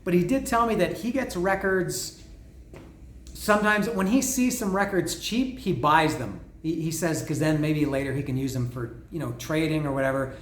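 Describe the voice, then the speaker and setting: A man casually talking through an unboxing of records, rambling and excitable, swearing freely and restarting his sentences. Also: on the high side, normal speed, echoey room. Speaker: vinyl record vlogger. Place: lives in Mexico.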